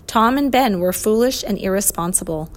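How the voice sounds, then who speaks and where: A stern, kindly old professor, as a woman reading a storybook puts him on, speaking in a measured, reasoning way. His voice sits in a middling register. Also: mid-range voice, expressive, natural voice. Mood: patient, firm. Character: kindly but stern older male professor.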